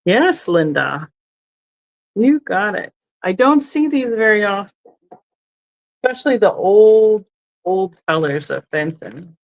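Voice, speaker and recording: Seated indoors, a woman runs a live online sale in a casual, chatty way, thinking aloud about each item and frequently correcting herself. She has a medium pitch with big swings, speaks slowly, and pauses often, over poor audio.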